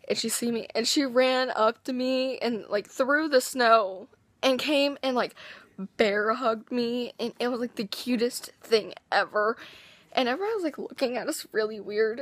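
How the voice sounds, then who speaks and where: A teenage girl with a hoarse, worn-out voice, excitedly telling a rambling story in a casual vlog. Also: on the high side, no echo. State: hoarse, lost voice. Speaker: vlogger.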